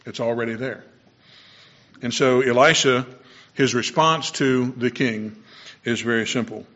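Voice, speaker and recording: Male preacher, mid-pitched, chatty sermon delivery, muffled lo-fi recording. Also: fairly even intonation, a little slow, a bit bright. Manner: explanatory, with personal asides and self-corrections. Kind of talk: conversational sermon.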